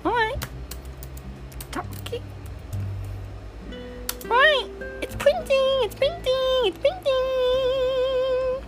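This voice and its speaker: Woman putting on a squeaky prim librarian. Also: fairly even intonation, extremely slow, long pauses, over music, exaggerated voice. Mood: cheerful. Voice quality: high, sing-song put-on voice. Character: polite, fussy woman librarian.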